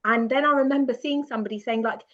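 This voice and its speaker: A woman guest telling a personal story in a lively, self-mocking way, often laughing as she goes. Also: a little high, quick pace. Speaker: podcast guest. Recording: dull lo-fi sound.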